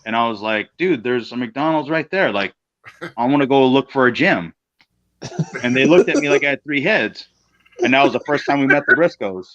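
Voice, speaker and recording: A man's voice: medium pitch, lively intonation, normal speed, a bit bright. A man, a guest wrestler, telling a road story in casual chat, blunt and profane, acting out the other people in quotes. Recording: slightly dull lo-fi sound.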